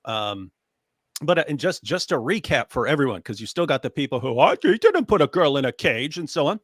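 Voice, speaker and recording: A man's voice: on the high side, big pitch swings, brisk, husky, no room sound, studio quality. A man arguing a point in a casual online discussion, often acting out quoted speech. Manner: argumentative, acts out quoted speech. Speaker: co-host.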